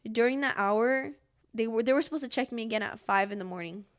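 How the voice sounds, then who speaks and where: With a fast, higher-pitched voice, a young adult woman hosting a podcast shares a personal story. The chat is loose and rambling, "like" fills every phrase, and she performs her own past cries and pleas.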